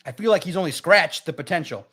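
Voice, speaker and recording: Animated man hosting a sports live stream. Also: fairly high pitch, fast, husky. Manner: animated, talks straight to chat viewers. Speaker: sports livestream host. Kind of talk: casual live-stream talk.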